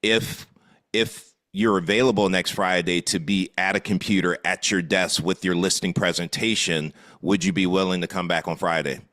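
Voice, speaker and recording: Guy coaching over a video call, really low voice, dry sound, encouraging, stumbles on first words. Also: fairly even intonation, normal speed, a bit bright, dry recording. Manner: encouraging, repeats words when starting. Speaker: real estate coach. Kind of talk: coaching feedback on a group call.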